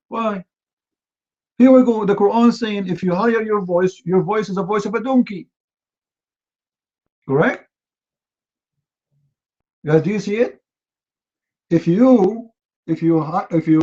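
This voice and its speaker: A fairly high-voiced man hosts a live-stream debate in broken, non-native English. He fires off mocking rhetorical questions, stumbles through fillers and repeats himself. The audio is dull and lo-fi, like a muffled stream. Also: a little mellow. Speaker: host of a live online debate. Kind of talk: heated live-stream commentary.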